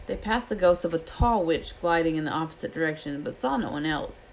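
A woman reading a novel aloud as an expressive storyteller. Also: deep voice, a little fast, slight background noise, poor audio. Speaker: reader.

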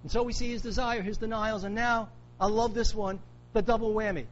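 A man's voice: high voice, steady tone, a little fast, dull audio, slight background noise. A man preaching a sermon, emphatic, repeating key phrases for weight. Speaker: pastor.

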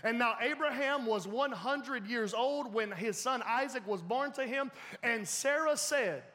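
A man preaching a sermon as pastor, animated and laughing often, in a church sanctuary with a reverberant hall sound. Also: extremely high pitch, unhurried.

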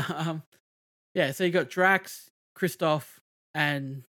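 Casual male podcaster, somewhat high-pitched, loose rambling delivery with fillers. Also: very slow, bright, forceful tone. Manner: rambling, many fillers and restarts. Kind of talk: casual movie review chat.

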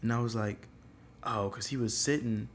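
A man's voice: mid-range voice, fairly even intonation, normal speed, a little hiss or hum. A young man telling a story in a casual, rambling way, full of fillers. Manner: rambling, filler-heavy, loose.

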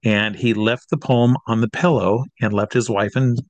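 A middle-aged man from Iowa, an entertainer telling a lively anecdote and acting out the people in it. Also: fairly low pitch, normal speed, no echo. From Iowa, USA. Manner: lively storyteller who acts out the people he quotes. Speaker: entertainer guest. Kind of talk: animated anecdote.

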